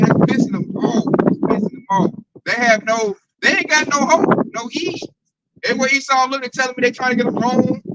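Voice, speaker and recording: A man in a casual group discussion, animated and slangy, often tagging his sentences with "man". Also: very high voice, noisy background. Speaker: camp group member.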